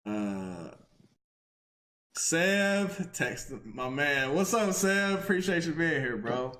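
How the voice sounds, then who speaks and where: A man co-hosting a casual podcast, laid-back, giving shout-outs to viewers. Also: fairly high pitch, big pitch swings, slow pace. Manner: laid-back, thanks viewers between remarks. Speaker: podcast co-host. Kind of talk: casual chat.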